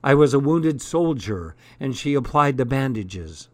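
A man reads a first-person story aloud at a notably slow, deliberate pace. His voice sits in an ordinary middle pitch. The recording is close and dry, with no room echo. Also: very animated, darkish tone. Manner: unhurried, deliberate reading. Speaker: audiobook narrator.

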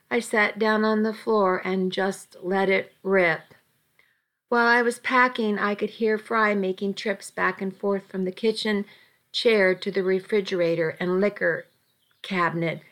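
A woman's voice: medium pitch, a bit bright. A woman narrating a first-person story with dramatic, emotional delivery.

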